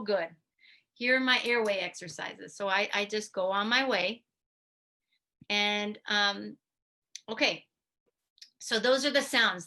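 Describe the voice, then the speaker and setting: A woman physical therapist giving an instructional talk, lively and demonstrating goofy mouth sounds as she teaches. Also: fairly high pitch. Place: video presentation to a study club.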